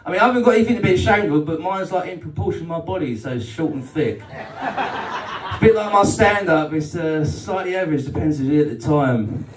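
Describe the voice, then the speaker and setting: Heard from a distance in a roomy live hall, this English comic does a crude, self-deprecating stand-up set and trades banter with the crowd at a club function room's comedy night. He talks a little fast, with a slightly high voice and lively intonation.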